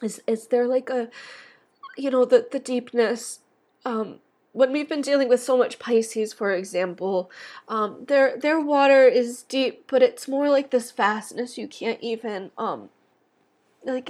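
Husky-voiced young woman on a podcast. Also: fairly high pitch, darkish tone. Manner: rambling, many fillers and restarts. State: tearful. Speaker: astrology podcast host. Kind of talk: emotional podcast monologue.

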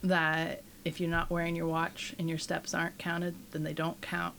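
A woman's voice: on the low side, monotone, normal speed, creaky, a bit bright, a little hiss or hum. A middle-aged woman in casual podcast chat with her child, chatty and laughing often. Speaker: guest host, mother.

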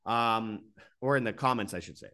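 A man's voice: fairly low pitch, moderate pace, pushed and bright. A man hosting his own channel, delivering an exasperated, repetitive monologue that keeps rising into bursts before he reads sponsor spots. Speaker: host of an alternative media channel.

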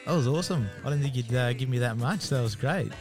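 A man's voice: mid-range voice, quick pace, soft background music. A young Australian man hosting a podcast, upbeat and encouraging in casual chat. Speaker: podcast host.

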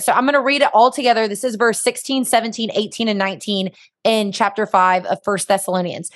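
An upbeat woman with a fairly high voice hosts a Christian podcast. She encourages her listeners and reads scripture in a preacherly way. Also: moderate pace. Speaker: podcast host.

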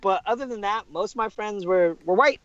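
A man's voice: high voice, brisk, a bit bright, no echo, highs cut off. A man from Southern California chatting casually on a podcast, joking and swearing with frequent restarts. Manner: joking, profane, stumbling restarts. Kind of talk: casual chat.

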